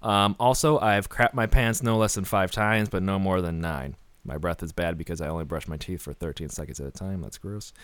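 A man hosting a comedy podcast, reading a silly ad with sarcastic deadpan asides. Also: sits low, a little fast, few pauses, clear, resonant tone, dry recording. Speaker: podcast host.

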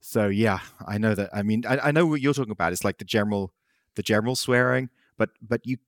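Low-voiced, rambling male podcast co-host. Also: no echo, studio quality. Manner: relaxed, rambling, halting restarts. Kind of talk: casual podcast chat.

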